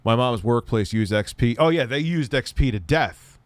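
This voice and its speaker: A man's voice: medium pitch, expressive, normal speed, clean tone, no room sound. Middle-aged male streamer, loose and crude, mid-range voice, dry room. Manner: rambling, crude joking, talks to chat. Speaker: tech streamer. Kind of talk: live-stream banter.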